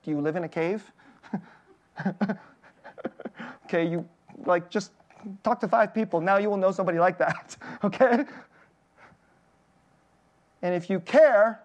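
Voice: mid-range voice, normal speed, long pauses, muffled recording. A pastor giving a conversational sermon at a church service, chuckling between points and putting direct questions to the congregation.

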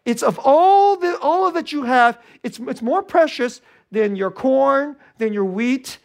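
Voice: a little slow, gravelly. A preacher delivering a sermon, repeating and restarting phrases and chuckling between points. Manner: animated, swinging from loud high emphasis to hushed low delivery.

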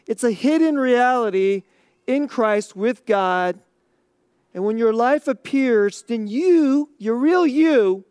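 Pastor, sermon, deliberate emphasis, dry close recording. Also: mid-range voice, a little mellow, no room sound. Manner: slow, deliberate emphasis on key words.

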